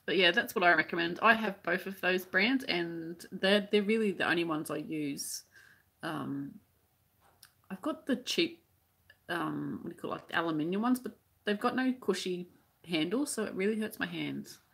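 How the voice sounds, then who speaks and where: A woman's voice: on the low side, moderate pace, vocal fry, fairly bright tone, husky. An Australian woman who teaches crochet, chatting casually on a live stream as she reads out viewer comments, rambling with many restarts.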